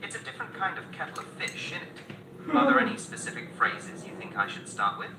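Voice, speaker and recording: A man's voice: high voice, wildly swooping pitch, fairly quick, distant mic. Upbeat British-accented male AI voice. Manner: polite, upbeat, eager to please. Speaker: AI voice assistant. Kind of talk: playful improvised rhymes and announcements. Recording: echoey room with clear background noise.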